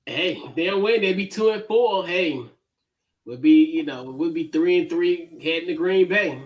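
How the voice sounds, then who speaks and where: A man hosting a casual sports podcast, going through weekly game picks in a relaxed way with lots of fillers. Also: a little high, normal speed, distant mic. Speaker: podcast host.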